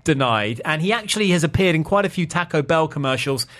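A man's voice: on the high side, expressive, fast talker, a bit bright. A man hosting a podcast, chatting as he tells a history segment. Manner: chatty, storytelling. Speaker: podcast host. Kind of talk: casual chat, telling a history segment.

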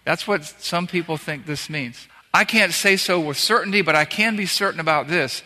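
A man's voice: on the high side, moderate pace, sharp tone. A man preaching a sermon in a conversational way, walking through scripture verse by verse with punchy repetitions. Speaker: pastor. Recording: long reverb of a large hall.

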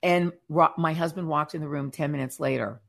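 A woman co-hosting a casual faith chat show, telling stories in an animated way and acting out what others said. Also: sits low, a little fast, vocal fry. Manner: animated storyteller who acts out quotes. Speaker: podcast co-host.

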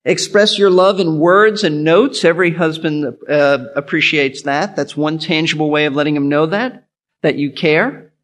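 A man's voice: a little high, normal speed, a bit bright. A male pastor giving an earnest sermon, teaching in an instructive way and repeating his key points.

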